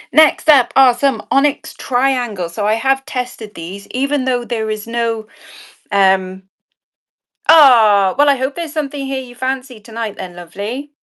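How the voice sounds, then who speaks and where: A woman's voice: mid-range voice, fairly bright tone. A woman running a live online jewellery auction, chatting in a bubbly, rambling way, with cheeky asides and frequent laughs. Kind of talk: chatty live-stream selling.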